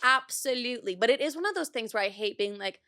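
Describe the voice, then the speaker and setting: A woman's voice: on the high side, expressive, fast talker, bright, forceful tone, clear, resonant tone, no room sound, studio quality. A young woman in her twenties hosting a podcast, chatting casually, filling her talk with "like" and swearing freely. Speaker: podcast host. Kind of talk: casual chat.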